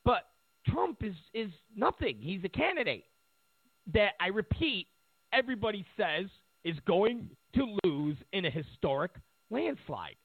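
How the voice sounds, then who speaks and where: A man's voice: high voice, very animated, unhurried, vocal fry, breathy edge, dry recording. A man delivering a sarcastic, mocking political rant, acting out the voices he quotes. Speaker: political commentator. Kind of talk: ranting monologue. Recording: tinny phone-like line, dry.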